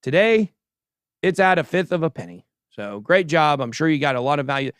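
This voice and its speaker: A man hosts a casual crypto livestream from a show studio stage, giving animated, sarcastic commentary while chatting with a co-host and the live chat. His voice is on the high side and fast, with a clean tone, no echo and studio quality.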